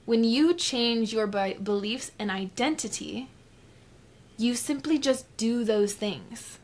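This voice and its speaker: A woman's voice: a little high, animated, slow pace. A young woman hosting her own podcast, talking candidly and swearing often as she acts out her past self. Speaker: podcast host. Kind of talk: casual solo podcast monologue.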